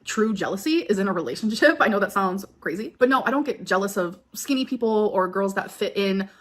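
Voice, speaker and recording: A woman's voice: mid-range voice, expressive, fairly quick. A woman vlogger answering viewer questions in casual chat, rambling with lots of fillers and getting emotional.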